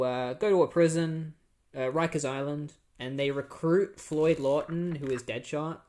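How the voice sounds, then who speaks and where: A man's voice: mid-range voice, a little mellow. A young man hosting a podcast, casually recapping a comic book in a rambling way, full of fillers. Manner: rambling, filler-heavy, easygoing. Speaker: podcast host.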